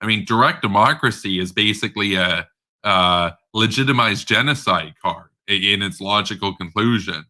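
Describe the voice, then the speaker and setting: Male commentator with a low, piercingly bright voice; blunt, sarcastic, stumbling off-the-cuff rant. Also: moderate pace. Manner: rambling, with frequent fillers and stammered repeats. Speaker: political commentator. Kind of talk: casual unscripted political rant.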